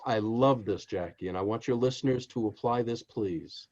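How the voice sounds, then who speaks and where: A man's voice: on the low side, normal speed, lo-fi sound. A man being interviewed as an author, telling stories emphatically and speaking straight to the host. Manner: animated, emphatic storyteller who addresses the host directly. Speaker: author guest. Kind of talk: interview storytelling.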